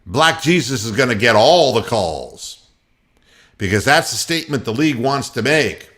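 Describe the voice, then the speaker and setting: Sports radio guy ranting and swearing, voice swings all over, bright edge. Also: mid-range voice, big pitch swings, moderate pace. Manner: profane, sarcastic, ranting.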